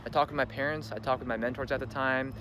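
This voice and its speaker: A man's voice: medium pitch, fairly even intonation, fast talker. A young man telling a personal story in a casual vlog, chatty and full of "like", acting out what people said. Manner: chatty, full of "like", acts out quoted talk. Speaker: vlogger. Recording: loud background ambience noise.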